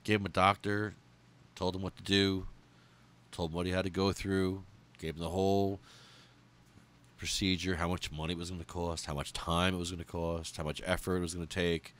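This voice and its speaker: A man hosting a podcast, reading out a memorial list in a heartfelt, angry way, swearing and pausing as he falters. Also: deep voice, flat delivery, fairly bright tone. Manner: heartfelt, angry and profane, with halting pauses. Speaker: podcast host.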